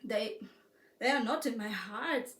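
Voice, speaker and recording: A woman's voice: high voice, animated, moderate pace, fairly bright tone, pitched above the performer's own voice. A woman with a German accent playing a lonely male wanderer who stammers and pleads. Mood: uneasy. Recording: roomy echo, distant mic.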